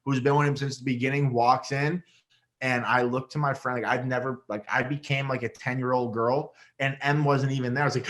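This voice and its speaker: A young man from upstate New York, guest on an interview, telling a story with loud, animated energy and plenty of swearing. His voice sits at an ordinary middle pitch but leaps up whenever he acts out what someone said. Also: fairly quick. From Rochester, New York. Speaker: guest, reality show winner.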